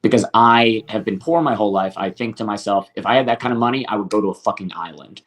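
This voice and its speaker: A man's voice: fairly low pitch, fast talker, fairly bright tone. Crude, joking man chatting. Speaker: streamer host. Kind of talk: casual chat.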